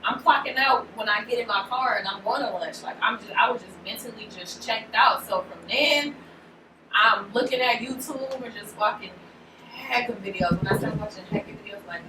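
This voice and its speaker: A woman's voice: medium pitch, normal speed. A woman casually telling her own story on a podcast, full of "like" and acting out the lines of the people in it. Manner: animated, full of "like", acts out quoted lines. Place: room in a shop with co-hosts. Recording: roomy, distant mic, noisy background.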